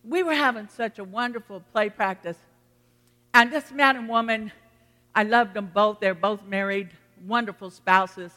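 Bright-voiced pastor preaching in a hall. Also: medium pitch, moderate pace. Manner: storytelling preacher, folksy and earnest. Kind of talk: sermon. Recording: long reverb of a hall.

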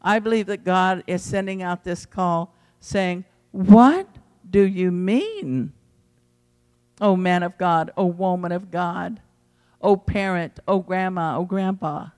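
A man preaching an evening sermon in a church, swinging between loud calls and quiet, low passages. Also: clean tone. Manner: fervent preaching with big swings in pitch and loudness. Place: church sanctuary. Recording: long hall reverb.

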